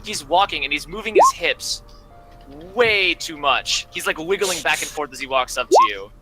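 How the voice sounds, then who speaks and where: A man's voice: a little high, lively intonation, normal speed, music in the background, poor audio. A young man narrating as game master, rambling through descriptions with many fillers.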